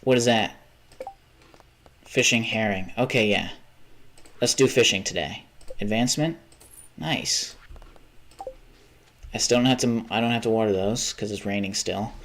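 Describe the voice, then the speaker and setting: A man's voice: lowish voice, a little slow, long pauses, a bit bright. A tired young man rambling and swearing casually while he plays a game on a livestream. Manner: rambling, chatty, swears often, trails off. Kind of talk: casual gaming stream chat.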